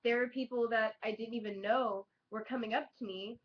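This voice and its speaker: A woman's voice: a little high, fairly quick. Chatty young woman on lo-fi webcam. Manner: chatty, excitable, heavy use of "like" and swearing. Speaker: vlogger. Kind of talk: casual chat to camera. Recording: dull lo-fi webcam audio.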